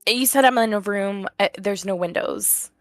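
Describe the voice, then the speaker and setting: A woman's voice: medium pitch, moderate pace, dry recording. A woman player in a tabletop game, speaking casually and describing her character's actions, with long trailing fillers. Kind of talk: casual chat and in-character narration.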